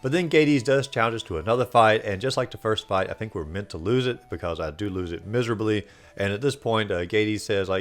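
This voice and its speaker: A man's voice: on the low side, fairly quick. A man hosting a video game playthrough recap, talking in a casual, rambling way with lots of fillers. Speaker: host.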